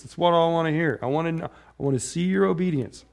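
A man's voice: a little high, quick pace, gravelly. A middle-aged man preaching a casual, conversational sermon, wandering into personal stories and often checking in with "right?". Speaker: pastor.

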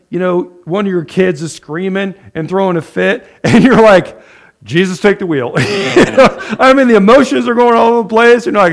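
Man, pastor, sermon, high voice, gravelly, chatty with lots of you-knows. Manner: conversational, many fillers and restarts, acts out prayers.

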